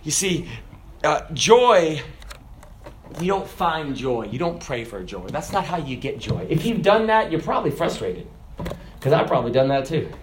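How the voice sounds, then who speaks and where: A man preaching a sermon, moving from loud, emphatic lines to soft, low asides. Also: very animated, moderate pace, a little hiss or hum. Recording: echoey hall.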